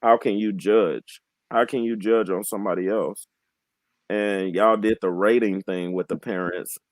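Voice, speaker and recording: A man in his twenties speaking as a guest on a candid panel. He talks in an earnest, heartfelt way, often halting and restarting his sentences. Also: fairly low pitch, steady tone, no echo, low-quality recording. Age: 20s. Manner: heartfelt, emotionally open.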